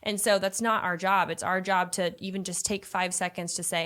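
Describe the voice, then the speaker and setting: A young woman talks through relationship advice in a relaxed chat, earnest and talkative, as if coaching a client. Her voice sits a little lower than most women's. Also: normal speed, few pauses. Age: young adult. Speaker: host.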